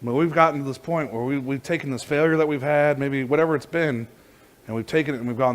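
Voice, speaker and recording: A pastor preaches a sermon, telling a story with lively energy in a fast, medium-pitched voice, full of restarts and repeated words.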